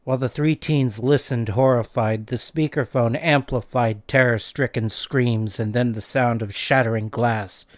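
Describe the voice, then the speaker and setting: A man's voice: medium pitch, steady tone, measured pace, few pauses. A man reading a scary young-adult novel aloud as narrator. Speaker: reader. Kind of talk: audiobook narration.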